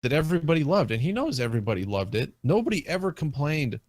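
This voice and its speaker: A man's voice: fairly high pitch, big pitch swings, quick pace, a little mellow, no room sound. A man in a casual discussion, talking at length with many fillers and restarts. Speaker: guest in a video game discussion. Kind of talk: casual chat.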